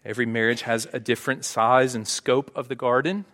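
A male pastor preaches in a brisk, steady mid-range voice with a fairly bright tone. His sermon is conversational and dotted with "right?" asides, echoing with long hall reverb in the church sanctuary.

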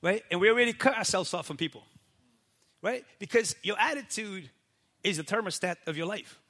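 A man who is a pastor giving a casual faith talk, animated and always checking in with "right?". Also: high voice, brisk. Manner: animated, keeps asking "right?" and acts out quoted people.

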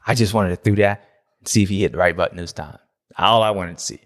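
A man's voice: deep voice, fast, slight background noise. A man hosting a motocross recap show, ranting in a playful, self-mocking, grumpy way. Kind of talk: casual ranting commentary.

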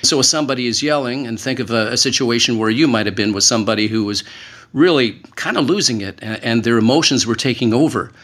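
Earnest man, slow emphatic speech. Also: medium pitch, fairly bright tone, husky. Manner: earnest, measured, slows to stress key words. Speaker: panel guest, former hostage negotiator. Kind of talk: panel discussion.

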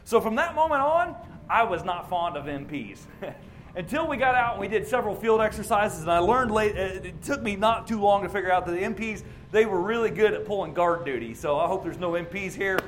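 High-voiced man preaching casually. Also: animated, brisk, a little hiss or hum. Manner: conversational, storytelling, plainspoken. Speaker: racing ministry chaplain. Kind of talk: informal sermon with personal story. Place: at a racetrack.

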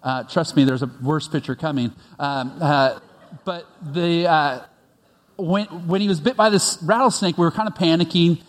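A man's voice: fairly high pitch, moderate pace. A man preaching a conversational sermon as pastor, telling stories with frequent restarts. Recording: long reverb of a large hall.

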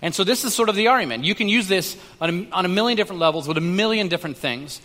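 A man preaching a sermon in a conversational, halting way, with frequent restarts and fillers. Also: high voice, lively intonation, sharp tone, in a large hall. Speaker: pastor.

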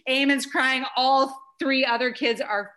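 Bright, animated storytelling mom. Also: female voice, high voice, unhurried. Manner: lively, heavy use of "like", swears casually. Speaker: podcast guest. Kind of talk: casual chat and animated storytelling.

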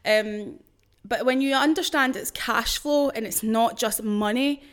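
A woman's voice: on the high side, unhurried. A young woman hosting a motivational podcast, blunt and sweary, with pep-talk energy. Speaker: podcast host and business coach.

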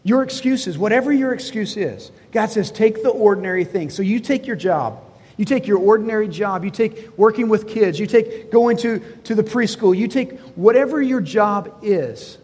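A man's voice: high voice, lively intonation, normal speed, darkish tone, breathy edge, in a large hall. A man preaching a sermon to a congregation, talking in a conversational way, asking the listeners questions and acting out lines of dialogue from the story. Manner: conversational preaching, asks the congregation questions, voices God and Moses in quotes. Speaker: pastor. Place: church hall before a congregation.

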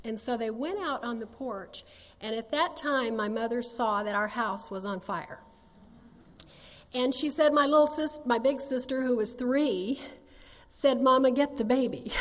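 A woman in her sixties tells her life story as a personal testimony, folksy and earnest. Her voice sits fairly high for a woman. It rings out with the long reverb of a large hall. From North Carolina, USA. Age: 60s. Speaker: speaker sharing her testimony.

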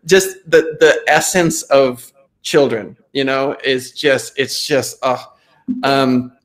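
Animated middle-aged male podcast host. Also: mid-range voice, slow. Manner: animated storyteller, acts out voices in anecdotes. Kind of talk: casual interview chat.

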